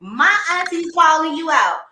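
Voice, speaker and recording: A woman's voice: very high-pitched, big pitch swings, normal speed, pushed and bright, reverberant, slight background noise. A woman co-hosting a casual chat show, blunt and emphatic, often laughing as she talks. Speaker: co-host.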